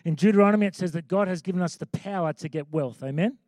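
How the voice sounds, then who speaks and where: High-voiced pastor preaching. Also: male voice, fast, a little mellow, no room sound, clean studio sound. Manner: conversational preaching with emphatic repeated lines. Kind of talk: sermon.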